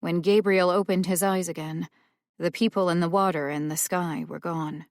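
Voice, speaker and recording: A woman narrating a suspense audiobook in a measured, tense storytelling manner, close to the mic. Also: on the low side, steady tone, no room sound. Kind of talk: scripted narration.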